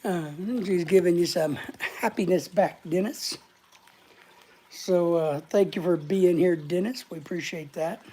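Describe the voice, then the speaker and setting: Host, female, short of breath, mellow voice, rambling chat that greets each viewer. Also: on the low side, measured pace, husky. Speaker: live-stream host. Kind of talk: casual live-stream chat.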